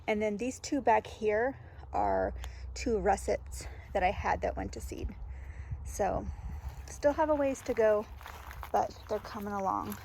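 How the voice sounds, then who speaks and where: A woman's voice: mid-range voice, measured pace, gravelly, darkish tone, a little hiss or hum. A woman vlogging casually as she tours her garden, chatty and laughing often, with many ums. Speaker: homestead vlogger. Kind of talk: casual garden tour vlog. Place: outdoor garden.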